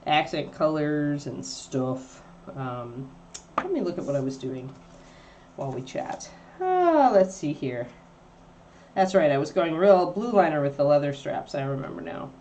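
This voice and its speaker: A woman's voice: a little mellow, muffled recording, a little hiss or hum. A woman hosting a livestream, chatting casually and rambling while she paints miniatures. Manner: rambling and chatty, baby-talking to her dog in a high voice.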